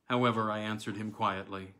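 A man reads a classic tale aloud as an audiobook narrator. His voice sits on the low side, and he keeps a measured, deliberate pace through the narration. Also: steady tone, pushed and bright. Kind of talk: scripted narration of a classic story.

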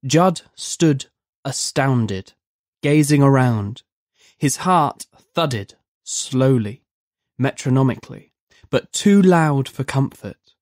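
A horror story narrator reading in a measured, vivid manner. The voice sits in an ordinary middle pitch, recorded close and dry with no room sound. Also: darkish tone, no echo. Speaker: narrator of a horror audio drama.

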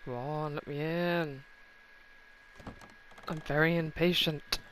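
A man's voice: a little high, fairly even intonation, takes it slowly, a bit bright, a little hiss or hum, rough recording. A man casually commenting on a game he is playing, sarcastic and swearing freely. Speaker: let's play host.

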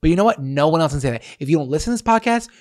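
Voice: mid-range voice, animated, rapid-fire, a little mellow. A podcast co-host in casual comedic chat, riffing playfully and mock-preachy.

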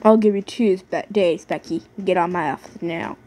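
A woman voicing a curt, dismissive boss in a lowered, gruff voice. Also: normal speed, warm tone, close to an everyday voice.

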